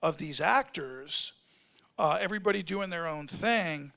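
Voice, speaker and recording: A man's voice: on the high side, lively intonation, unhurried, vocal fry, pushed and bright. A middle-aged male actor telling a rambling story at a convention panel, stopping and restarting his sentences and acting out what others said. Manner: rambling, self-interrupting storyteller who acts out quotes.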